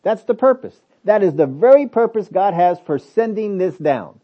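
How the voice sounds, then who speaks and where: A man preaching a sermon, stressing points hard, then dropping to low asides, with many rhetorical questions. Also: very animated, moderate pace, muffled recording. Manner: emphatic, swings between loud stresses and low asides. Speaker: pastor.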